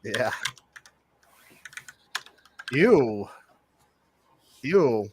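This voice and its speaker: A man chatting casually while co-watching a movie on stream, jokey and quick to exclaim and laugh. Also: medium pitch, sing-song, a little mellow, slightly rough, no room sound. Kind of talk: casual reaction chat.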